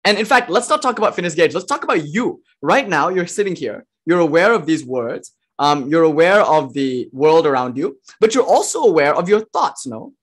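A man's voice: a little high, very animated, normal speed, few pauses, slightly rough. Passionate man giving a philosophy lecture. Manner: passionate, conversational, uses rhetorical questions. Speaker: lecturer on non-dual philosophy.

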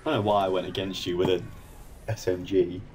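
A young man giving casual commentary while playing a game, excitable and prone to chanting and shouting. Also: deep voice, a little fast. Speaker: gaming channel co-host. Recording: noisy home gaming mic.

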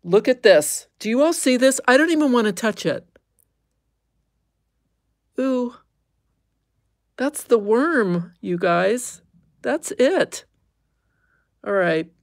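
Woman host, casual livestream chat, unhurried with a gravelly edge, dry close sound. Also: on the high side, lively intonation, a little mellow, no room sound. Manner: chatty, easily amused, squeamish exclamations.

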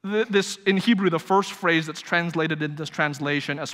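A man's voice: fairly high pitch, fairly even intonation, moderate pace, fairly bright tone. A male pastor preaching a live sermon, telling a story and pressing his points with rhetorical emphasis. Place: church sanctuary, live service. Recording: reverberant church hall.

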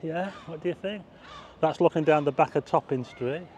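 Pitched on the high side with a darkish tone, the man talks at a normal speed over a faint hiss or hum. He's a vlogger giving chatty, wandering tour commentary outdoors at night on a car park roof and town streets, directing viewers' attention as he goes.

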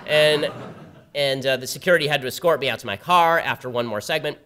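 A man giving a public talk at a campus event, telling a story in a rapid, sardonic way. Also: medium pitch, pushed and bright, smooth. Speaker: guest speaker at a campus event. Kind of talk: public talk with a told anecdote. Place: university event before a live audience.

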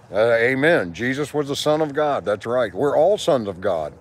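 A man's voice: mid-range voice, lively intonation, moderate pace, hardly any pauses. A man in his sixties streaming live from an outdoor park, rambling and preaching to his viewers with plenty of swearing. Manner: preachy, profane, talks to viewers and passers-by. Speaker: livestreamer.

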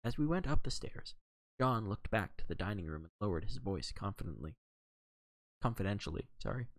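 A man reads a novel aloud in a lively voice with wide swings of pitch. His tone has a gravelly grain, and he now and then stumbles and corrects himself. The recording is dry and close. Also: a little fast, no echo. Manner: lively reading with occasional stumbles and self-corrections. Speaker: reader.

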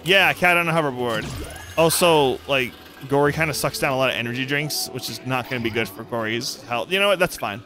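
A young man hosting a let's play, goofy and excitable, joking and yelping at the game. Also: mid-range voice, brisk. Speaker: gaming channel host. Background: game music.

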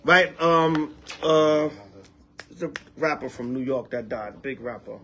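A man, an elder, preaching to a congregation in a casual, animated way, trading call-and-response with the group and repeating lines for emphasis. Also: medium pitch, slow.

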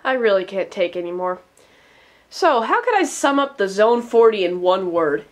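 A woman's voice: medium pitch, sing-song, normal speed. A woman reviewing video games in casual commentary, exasperated and sarcastic, laughing in disbelief at what she plays. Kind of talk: casual commentary over gameplay. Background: game music.

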